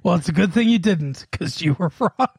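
A man's voice: high voice, animated, normal speed, a little mellow, husky, no echo. A man co-hosting a podcast in casual chat, laughing often and rattling off lists. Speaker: podcast co-host.

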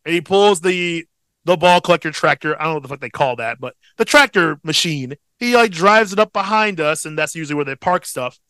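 A young man co-hosting a podcast, telling a long story in a profane, rambling, animated way. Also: fairly high pitch, brisk, clear, resonant tone, no echo. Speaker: podcast co-host. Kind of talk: casual storytelling chat.

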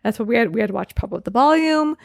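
A woman's voice: fairly high pitch, expressive, quick pace, vocal fry, darkish tone, no echo, clean studio sound. A woman in her forties co-hosting a casual movie podcast, chatty and recapping scenes. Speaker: podcast co-host. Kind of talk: casual chat about movies.

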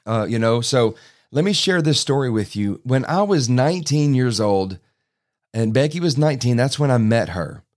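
A man's voice: medium pitch, expressive, moderate pace, darkish tone. A middle-aged man, preaching as a pastor, telling a personal story in a folksy, self-deprecating way. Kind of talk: sermon storytelling.

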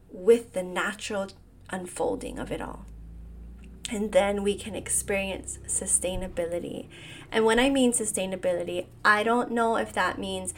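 A woman, hosting a solo coaching talk in an earnest, reflective way and often asking "right?". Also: mid-range voice. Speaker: business coach podcast host.

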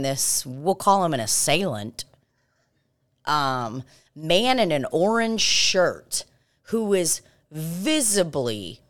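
A woman with a fairly low voice tells a story on a podcast. Her delivery is casual and animated, and she swears freely. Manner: animated and profane. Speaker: podcast host.

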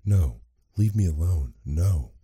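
A frightened but brave young woman from a storybook, as a male narrator puts her on, speaking hesitantly and stammering. The voice stays very deep and dark, close and dry. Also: steady tone, unhurried, slightly rough, dry recording, heavily acted.

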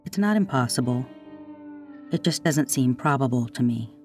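A podcast host narrates a true-crime script in a calm, deliberate manner. The voice sits at a middle pitch. A faint guitar plays quietly underneath. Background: faint guitar music.

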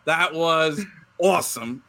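A man hosting a casual sports talk show, excitable and laughing, calling people "bro". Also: fairly high pitch, takes it slowly.

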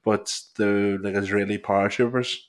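Low-voiced Northern Irish young man. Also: level tone, moderate pace. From Northern Ireland. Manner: rambling, swearing, full of "like". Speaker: podcast co-host. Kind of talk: casual chat. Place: small home studio.

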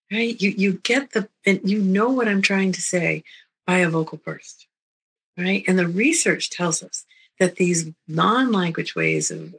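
A middle-aged woman, a therapist, giving a recorded lecture in a gentle, unhurried way, often checking in with the listener. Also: on the low side, gravelly, breathy edge, low-quality recording. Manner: gentle, unhurried, repeats words and checks in with "right?". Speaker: therapist teaching a psychology talk.

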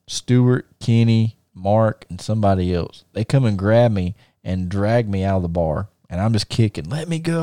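A middle-aged podcast host tells a story in casual chat, an animated storyteller who acts out the voices of the people in it, with frequent fillers and restarts. His voice is on the low side. The sound is clean studio audio with no echo.

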